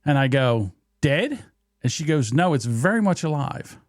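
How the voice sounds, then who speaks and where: A man's voice: medium pitch, moderate pace, dry recording, clean studio sound. A man co-hosting a podcast in casual chat, telling a story with a lot of swearing and laughter. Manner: animated storyteller, swears freely, laughs through his own story. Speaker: podcast co-host.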